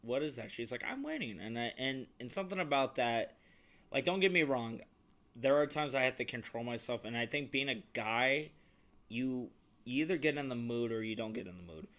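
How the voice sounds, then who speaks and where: A man's voice: mid-range voice, normal speed, fairly bright tone. A young man chatting casually on a couple's vlog, earnest and rambling, with many restarts. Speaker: vlogger.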